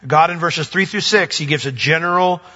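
A man preaching a sermon as pastor, animated, jumping from emphatic high points to quiet low asides. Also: normal speed. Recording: dull lo-fi audio with long reverb.

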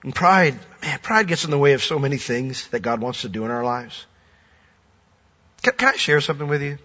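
A pastor preaching a sermon, lively and animated, often acting out voices. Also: male voice, mid-range voice, fairly quick. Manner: animated, acts out quoted voices. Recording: dull recording with long hall reverb.

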